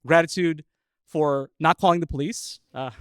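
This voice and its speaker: A man who is a scientist telling a personal story live, chuckling often and pausing with filler uhs. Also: a little high, clear, resonant tone, no echo.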